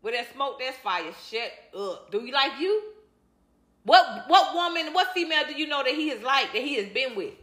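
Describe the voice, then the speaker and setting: A woman's voice: high voice, sing-song, normal speed, a bit bright, reverberant. A woman commentator ranting bluntly on a livestream, repeating her points and swearing as she reacts to viewer comments. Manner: emphatic, repetitive, blunt, swears. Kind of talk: heated casual opinion rant.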